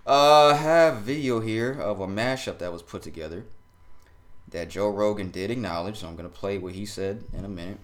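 A man hosting casual reaction commentary, animated and incredulous, often laughing. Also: on the low side, moderate pace. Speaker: commentary host.

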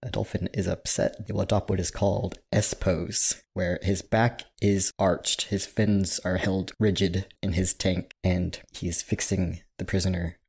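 A man with a very deep, husky voice playing a tabletop game. He describes what his character does in a loose way, often correcting himself partway through. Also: flat delivery, measured pace, few pauses, darkish tone. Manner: hesitant, self-correcting description. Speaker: player.

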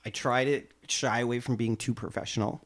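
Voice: mid-range voice, steady tone, fairly quick. A host in their forties running a casual interview, chatty and self-deprecating. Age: 40s. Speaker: podcast host.

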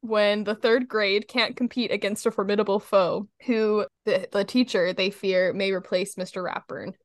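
A woman's voice: medium pitch, fairly even intonation, moderate pace. A young woman chatting on a podcast, laughing a lot as she gushes and quotes lines. Her voice sits in an ordinary range, and the sound is close and dry with no room echo. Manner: giggly and gushing, breaks into laughter and quotes lines in a put-on voice. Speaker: podcast co-host. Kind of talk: casual podcast chat recapping a cartoon episode.

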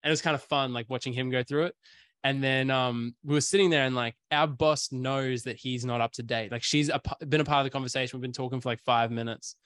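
A man hosts a relaxed chat and rambles through his stories, leaning on "like" and "um". His voice sits at an ordinary pitch for a man. The sound is close and dry, with no room around it. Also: fast talker, dry recording. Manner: rambling storyteller, lots of fillers. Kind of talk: casual chat.

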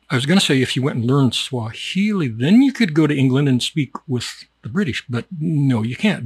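A man's voice: a little high, breathy edge, no echo. A man giving a rambling, jokey mock-educational monologue and laughing at his own jokes. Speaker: comedic video host.

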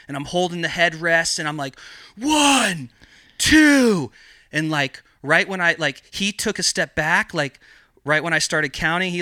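Bright-voiced, foul-mouthed man telling a story. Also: on the high side, no room sound, clean studio sound. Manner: heavy swearing, rambling with lots of filler. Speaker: podcast guest, cannabis grower. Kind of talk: casual storytelling.

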